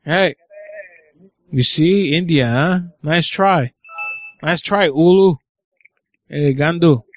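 A man hosting a live prank call show, brash and mocking, with loud outbursts and swearing. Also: a little high, slow, no echo.

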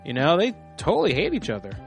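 A man's voice: a little high, wildly swooping pitch, fast, gravelly, soft background music. A man hosting a live call-in prank show, talking in a rambling, off-hand way with some swearing. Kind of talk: casual live-stream talk.

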